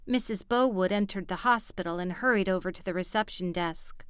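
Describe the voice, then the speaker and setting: A woman narrating a romance audiobook in a steady, even storytelling manner, on a studio mic. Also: mid-range voice, fairly quick, clean tone, no room sound. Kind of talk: scripted narration.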